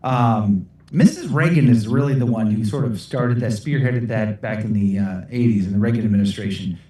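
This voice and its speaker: A middle-aged American man answers livestream questions in a casual Q&A, rambling and poking fun at himself while laughing often. His voice sits lowish with a dark tone at a normal speed. He sounds far from the mic, and the sound is very echoey.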